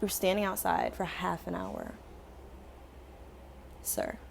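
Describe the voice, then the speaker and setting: A woman's voice: on the low side, slow pace, creaky, slight background noise. A young woman chatting through a casual storytime while doing her hair, acting out every voice in the story. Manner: animated storytelling, acts out both sides of dialogue. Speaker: beauty vlogger.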